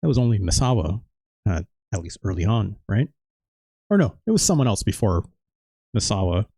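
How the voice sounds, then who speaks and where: A man's voice: on the low side, very animated, normal speed, creaky, warm tone, dry recording. A man hosting a let's play, chatting casually and rambling with jokes and laughter over gameplay. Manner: rambling, joking, laughs often.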